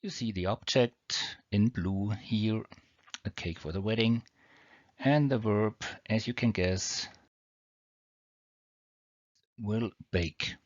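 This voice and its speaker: A man's voice: fairly low pitch, slow pace, long pauses, dry recording. Man with a foreign accent teaching grammar. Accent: non-native English accent. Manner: patient, step-by-step explanation. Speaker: English teacher. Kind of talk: explaining grammar over slides. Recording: dull lo-fi homemade audio.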